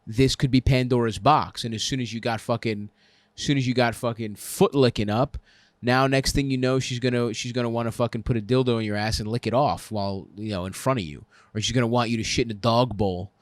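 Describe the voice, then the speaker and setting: A man's voice: mid-range voice, steady tone, fairly quick, no room sound. A man hosting a comedy advice show, ranting crudely and laughing at his own jokes on a close mic.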